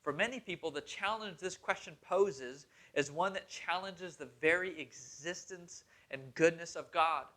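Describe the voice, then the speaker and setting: A young pastor preaches in an earnest, conversational way, chuckling now and then as he talks. His man's voice sits high and sounds bright and forceful. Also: measured pace, hardly any pauses. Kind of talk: sermon storytelling.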